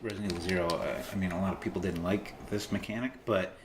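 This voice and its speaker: A man's voice: sits low, fairly even intonation, quick pace, reverberant, background noise. A man casually commentating while he plays a video game, chatty, laughing often and explaining game mechanics. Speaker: player commentating on his gameplay.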